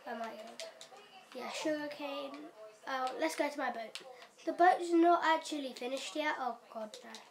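A young woman giving a hurried, chatty game walkthrough on a camera mic at home, with fillers and quiet whispered asides. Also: sits high, vocal fry, crowd noise. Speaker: gaming vlogger.

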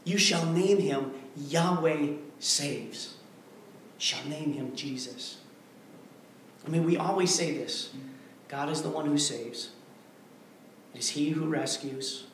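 A male pastor preaching a sermon, emphatic and repetitive, swinging between hushed passages and forceful declarations. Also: on the high side, slow, long pauses, a little hiss or hum. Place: church sanctuary. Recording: very echoey church hall, mic far off.

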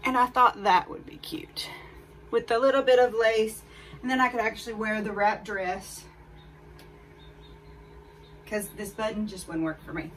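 A chatty woman talking straight to her viewers as she tries on clothes. Her voice sits a little high for a woman. She is a bit away from the mic, with faint noise in the background. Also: steady tone, measured pace, pauses often, a bit bright, recorded from a distance, rough recording. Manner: chatty, candid, addresses viewers directly. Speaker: fashion haul vlogger. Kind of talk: casual try-on haul chat.

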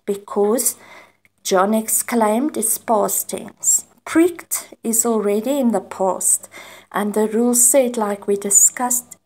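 South African woman, English teacher; slow, patient delivery, walking through examples for the class. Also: mid-range voice, darkish tone. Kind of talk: online grammar lesson.

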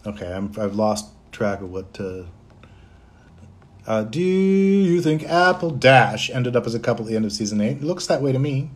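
A man's voice: medium pitch, sing-song, normal speed. A middle-aged man from Canada, a voice actor, chatting casually on a livestream, reading out fan comments and answering them.

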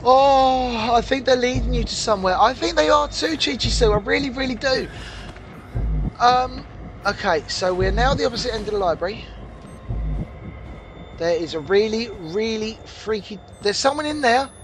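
Game music and background noise accompany a man's very high-pitched, moderately paced commentary on a horror game. As the host of this let's play video, he babbles nervously to viewers and panics at the frightening moments.

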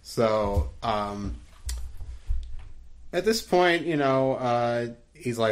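A man's voice: medium pitch, takes it slowly. A man co-hosting a book podcast, chatting casually with loose, joking banter in person. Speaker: podcast co-host. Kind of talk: casual chat. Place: indoors, recording in person.

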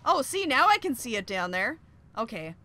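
A young woman hosting a game playthrough, commenting excitedly and often gasping "oh my gosh" at what she finds. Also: fairly high pitch, normal speed. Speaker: gaming video host. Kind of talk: excited let's-play commentary.

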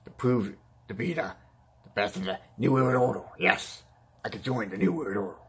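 A man's voice: lowish voice, lively intonation, moderate pace, creaky. A man playing the Joker, a whiny clown villain. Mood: whiny taunting. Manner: pleading and taunting, yelps in pain. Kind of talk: toy-figure fan play.

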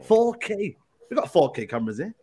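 A man's voice: high voice, sing-song, fairly quick, dark tone, slightly rough. A man with a London accent, a football pundit on a podcast, taunting a rival fan with boastful, heated banter.

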